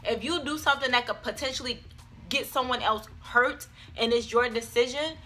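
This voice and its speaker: A woman's voice: a little high, normal speed, pushed and bright. A young adult woman telling a personal story on her vlog, in a chatty, dramatic style full of fillers. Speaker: vlogger.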